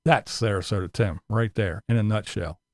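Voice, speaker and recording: A man's voice: fairly low pitch, moderate pace, dry recording, studio quality. A man giving a sarcastic, profane commentary rant as a vlogger.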